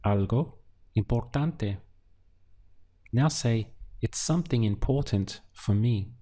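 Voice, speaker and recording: A man teaching a beginner language lesson, drilling words syllable by syllable with patient pauses. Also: medium pitch, warm tone. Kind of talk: slow, deliberate language lesson.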